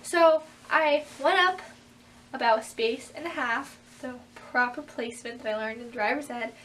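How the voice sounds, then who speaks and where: A teenage girl telling a story in a casual vlog, animated and acting out what people said. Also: normal speed, far from the mic, a little hiss or hum. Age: teens. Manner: animated, acts out quotes with big pitch jumps. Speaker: vlogger.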